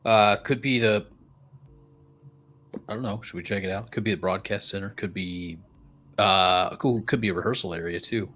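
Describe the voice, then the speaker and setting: A man's voice: lowish voice, moderate pace, pauses often, fairly bright tone. A man playing a tabletop game, thinking aloud and trailing off. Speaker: player.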